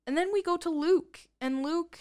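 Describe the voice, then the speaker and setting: A woman's voice: very high voice, moderate pace, darkish tone. A woman co-hosting a casual movie recap, telling the plot in a dry, wry way and laughing often. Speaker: podcast co-host.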